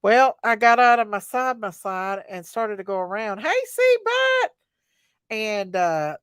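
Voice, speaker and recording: A woman's voice: mid-range voice, fairly bright tone, no room sound, clean studio sound. A middle-aged woman, hosting a casual livestream chat, greeting viewers by name in a folksy way. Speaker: livestream host.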